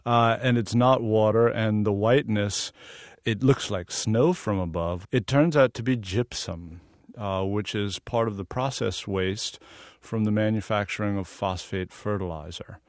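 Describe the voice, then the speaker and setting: A man's voice: on the low side, measured pace, no echo, clean studio sound. A middle-aged man from the American South, a photographer, talking earnestly in a radio interview and laughing easily. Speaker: photographer guest.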